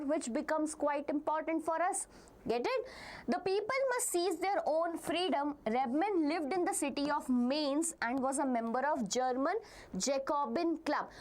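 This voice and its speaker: Indian lady teacher, high voice, keeps asking students questions, checking if they get it. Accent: Indian English. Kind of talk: live online exam-prep lesson.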